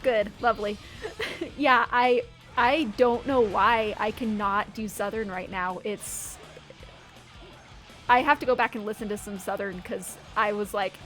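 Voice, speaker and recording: A woman's voice: mid-range voice, steady tone, unhurried, a bit bright. A woman streaming a video game with chatty, giggly, self-mocking casual commentary. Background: faint background music.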